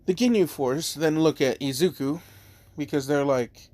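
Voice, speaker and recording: A man's voice: fairly high pitch, normal speed, dark tone, no echo. A man telling a fan-made story in a rambling, casual way, full of fillers and swearing.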